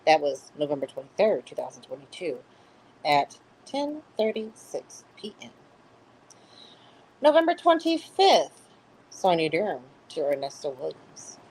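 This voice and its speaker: A woman hosts her own livestream in a relaxed, gossipy chat. Her voice sits on the low side, and she keeps calling the audience baby. She rambles through the story with an easy, talkative pace. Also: unhurried, long pauses, breathy edge, low-quality recording. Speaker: livestream host. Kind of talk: casual live stream commentary.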